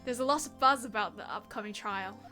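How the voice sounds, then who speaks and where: A woman reading the lines of a calm older sister who teases her sibling gently. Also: medium pitch, brisk, faint music behind, pitched below the performer's own voice, lightly acted. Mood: gentle. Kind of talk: reading game dialogue aloud.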